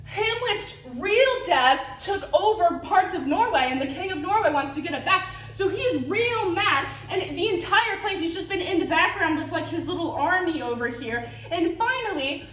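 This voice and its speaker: High-pitched girl rambling thru a class presentation, lots of likes and giggles, echoey room, mic far away. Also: fairly bright tone. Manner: rambling, filler-heavy, giggly, breaks into silly voices. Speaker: student giving a class presentation. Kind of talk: casual, rambling plot summary. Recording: roomy, from a distance.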